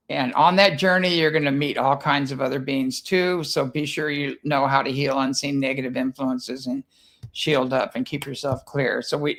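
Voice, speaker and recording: A man's voice: medium pitch, a bit bright. A man from the United States, a guest who founded a ranch, chatting casually and telling rambling stories in which he repeats words and acts out what others said. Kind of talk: casual chat, anecdotal storytelling.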